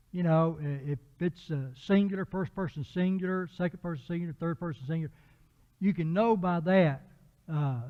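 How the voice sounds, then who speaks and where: In a church auditorium, a man with a fairly high voice preaches an evening Bible lesson, explaining a passage unhurriedly. His sermon is full of fillers and restarts, captured in a dull lo-fi recording with long reverb.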